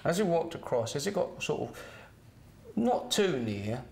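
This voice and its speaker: Gravelly middle-aged storyteller. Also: male voice, on the high side, sing-song, unhurried. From Kent, England. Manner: chatty, with "right?" tags and chuckles. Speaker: former doorman. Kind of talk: casual anecdote telling.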